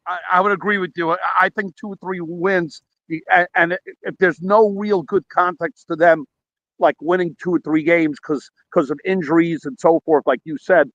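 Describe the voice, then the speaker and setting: A man's voice: a little high, a bit bright, no room sound, dull audio. A man calling in by phone from a park, rambling animatedly through a story with quoted dialogue. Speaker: caller. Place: outdoors at a park.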